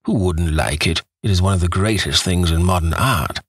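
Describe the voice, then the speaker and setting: A man doing a drawling cynical gentleman. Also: sits low, moderate pace, breathy edge, no echo, studio quality. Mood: languid. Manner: drawling, amused. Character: languid, witty, cynical gentleman.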